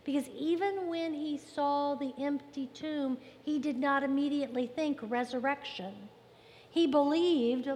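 A woman pastor preaching a sermon in an emphatic style, repeating phrases and pausing for effect. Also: sits high. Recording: long reverb with faint ambient noise.

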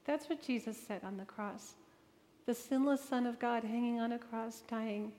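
A woman with a somewhat high voice tells a personal story to an audience. She speaks earnestly and emotionally, acting out bits of dialogue as she goes. Her voice rings with the long reverb of a large hall. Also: fairly even intonation, moderate pace, dark tone. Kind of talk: personal testimony talk.

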